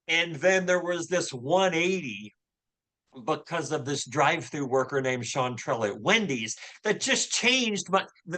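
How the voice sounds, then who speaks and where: Bright and forceful, with a fairly high pitch, the voice belongs to a man in his fifties from Louisville, Kentucky. In a casual podcast interview he earnestly recounts his faith story, full of fillers and restarts.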